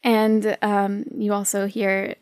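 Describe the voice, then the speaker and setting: A woman's voice: mid-range voice, flat delivery, slow, darkish tone, no room sound, studio quality. A woman narrating a tabletop game as game master, chatty and often laughing.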